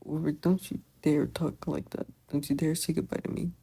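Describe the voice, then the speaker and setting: A reader lends a frightened younger brother their own voice. He sounds strained and snappish, with a breathy, raspy edge. The tone stays low and mellow. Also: flat delivery, moderate pace. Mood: furious and scared. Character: frightened angry younger brother at a hospital bed.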